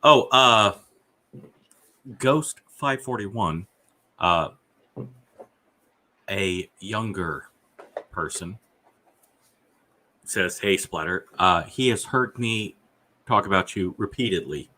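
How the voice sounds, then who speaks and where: A man's voice: low-pitched, lively intonation, takes it slowly, pauses often, sharp tone, a little hiss or hum. A man hosting a casual podcast, rambling and swearing freely as he trades trivia with his co-host. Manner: rambling, profane, reads out chat messages.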